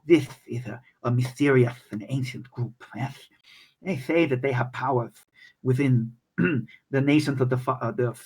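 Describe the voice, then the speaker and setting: A man voicing a frail, excitable old male scholar with a malformed mouth, who is fussy, stammers, and keeps saying "yes". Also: medium pitch, breathy edge, low-quality recording.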